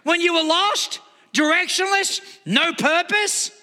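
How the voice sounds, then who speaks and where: A man preaching with a very high, piercing bright voice. He presses his points hard and keeps asking the crowd rhetorical questions. His words ring out with a long hall reverb. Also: slow pace. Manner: emphatic, asks the audience rhetorical questions. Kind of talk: sermon.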